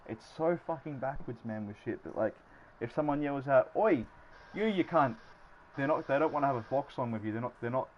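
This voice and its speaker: A man's voice: medium pitch, fast, lo-fi sound, slight background noise. A man with an Australian accent chatting casually on a livestream, rambling, swearing freely and laughing often. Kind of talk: casual chat.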